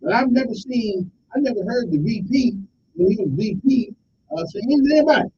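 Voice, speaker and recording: Male talk radio host, high and lively voice, rambling jokey monologue, faint rumble behind. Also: fairly quick, dull audio. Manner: joking, rambling, animated delivery. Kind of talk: casual call-in radio monologue.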